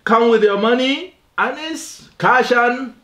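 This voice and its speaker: An actor playing a firm, businesslike boss who speaks deliberately. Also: male voice, extremely high pitch, pushed and bright, reverberant, exaggerated voice. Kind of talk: film comedy acting.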